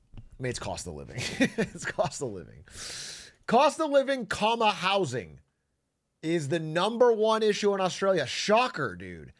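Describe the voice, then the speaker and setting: A man's voice: fairly high pitch, wildly swooping pitch, moderate pace. A man chatting casually on a livestream, joking and reading messages from chat aloud. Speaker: streamer.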